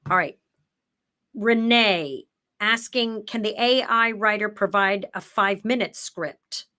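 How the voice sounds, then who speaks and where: A middle-aged woman leads an online workshop from her home office. She talks in a loose, chatty way, walking through her examples one step at a time. Now and then she slips into a crisp, emphatic broadcaster read to demonstrate. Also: mid-range voice, takes it slowly, bright, forceful tone. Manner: drops into emphatic, broadcaster-style read when showing the script. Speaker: workshop presenter.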